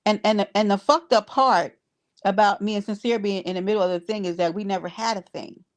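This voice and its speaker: A woman with a mid-range voice speaks in a steady tone and a little quickly. She's hosting a casual livestream and reading chat, addressing her viewers bluntly, exasperated and cursing freely.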